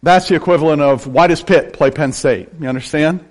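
An older man from western Pennsylvania, preaching a sermon with animated delivery and joking asides. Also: on the high side, brisk. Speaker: pastor.

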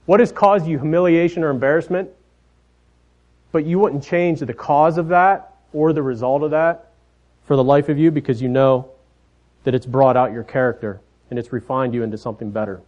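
A man in his thirties preaching a sermon, telling family stories in a folksy way, often dropping softer at the ends of his phrases. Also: a little high, moderate pace. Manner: folksy storytelling, trailing off softly at phrase ends. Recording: dull lo-fi sound.

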